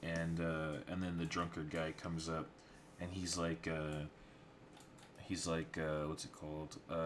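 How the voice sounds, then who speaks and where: A man's voice: a bass voice, completely flat delivery, measured pace, a little hiss or hum. A man casually talking through story beats of a storyboard on a livestream, rambling with many fillers. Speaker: storyboard artist.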